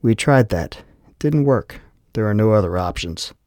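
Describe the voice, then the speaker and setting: A man doing a deep, soft-spoken man. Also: expressive, no room sound, clean studio sound, close to an everyday voice. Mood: calm. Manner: quiet, measured.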